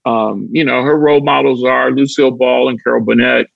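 A man's voice: mid-range voice, a little fast, gravelly, dry recording, narrow, tinny audio. A man, an actor and comedian from Chicago, telling stories in a casual chat and acting out the voices in them. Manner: animated, acts out voices in his stories. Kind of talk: casual storytelling.

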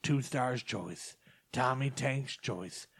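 A man's voice: medium pitch, takes it slowly, vocal fry, a bit bright, breathy edge. A man hosting a podcast, chatting casually, teasing and laughing often. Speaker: podcast host. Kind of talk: casual chat.

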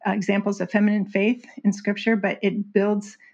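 A woman speaking as an author and guest in a conversational interview, earnest and animated, laughing often. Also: medium pitch, normal speed. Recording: slightly dull lo-fi audio.

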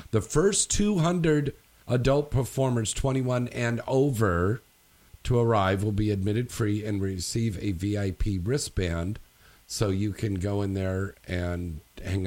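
Low-voiced man hosting casual talk radio. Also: darkish tone. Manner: loose, rambling delivery with frequent fillers. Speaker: radio show host. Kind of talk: casual industry news chat.

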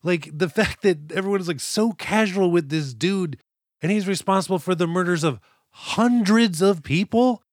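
A man co-hosts a movie podcast, chatting casually and sarcastically about a film's script and swearing freely in a casual movie-review chat. His high-pitched voice moves at a moderate pace, in clean studio sound with no echo.

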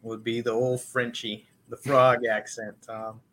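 A man's voice: mid-range voice, level tone, measured pace, few pauses, bright, forceful tone, slight background noise. A man co-hosting a podcast, joking in casual comedic chat and laughing along. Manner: joking, hesitant with fillers, laughs. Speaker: podcast co-host.

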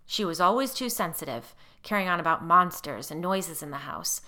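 A woman voicing a grumbling, resentful older father who talks in a gruff, complaining way, in a storybook reading. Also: high-pitched, slow pace, a bit bright, pitched above the performer's own voice, heavily acted.

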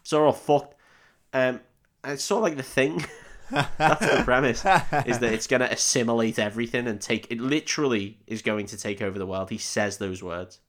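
A man's voice: mid-range voice, a little fast, a bit bright. Rambling, swearing podcast co-host, a man. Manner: rambling, swears freely, laughs while acting out lines. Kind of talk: casual film recap chat.

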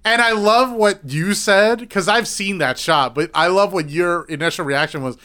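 A man's voice: high-pitched, moderate pace, sharp tone, smooth. A man co-hosting a podcast, chatting casually about a movie, swearing and joking freely. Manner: profane, joking, talks over his co-host. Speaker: podcast co-host. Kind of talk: casual movie reaction chat.

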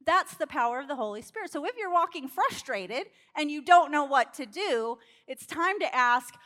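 High-voiced woman preacher, animated storyteller. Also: moderate pace. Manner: animated storytelling, acts out characters, laughs. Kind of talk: sermon.

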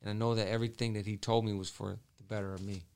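A former boxer talks as an interview guest in a quick, gravelly, fairly low voice. He is earnest and repeats himself, restarting his sentences as he goes. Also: flat delivery, crowd noise. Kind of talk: emotional storytelling in a casual interview.

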